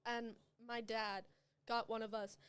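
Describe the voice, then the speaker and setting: A woman's voice: a little high, level tone, unhurried, background noise. A young woman, a podcast guest, chatting casually and telling rambling stories with lots of laughter. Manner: giggly, rambling storyteller.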